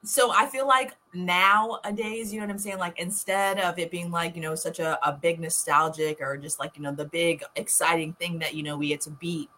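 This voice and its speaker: A woman telling a casual story on a podcast, animated and profane, acting out what others said. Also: fairly low pitch, normal speed, hardly any pauses, slight background noise. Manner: animated, profane, acts out quotes.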